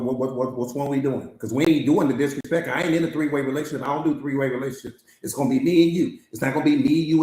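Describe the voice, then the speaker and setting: Fast-talking emphatic male coach, echoey room. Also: fairly high pitch, darkish tone. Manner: emphatic, repetitive, rhetorical questions, slangy. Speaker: mindset coach. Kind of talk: live-streamed motivational master class.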